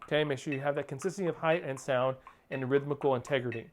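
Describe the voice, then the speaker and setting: A man's voice: mid-range voice, fairly even intonation, fast talker, music in the background. A male percussion teacher giving a drum lesson, coaching steadily, counting off and singing rhythms as syllables. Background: percussion playing.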